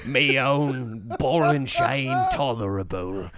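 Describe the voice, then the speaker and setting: Brief: a man playing a pompous old judge in his sixties, slow crooning delivery, animated pitch. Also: a crowd in the background. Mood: leering. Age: 60s. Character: pompous old male high court judge in a powdered wig.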